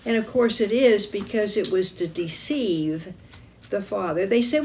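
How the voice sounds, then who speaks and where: Slow, expressive woman telling a Bible story. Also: mid-range voice, a little hiss or hum. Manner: deliberate, expressive, self-correcting. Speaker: chapel teacher. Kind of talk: children's Bible storytelling with visual aids.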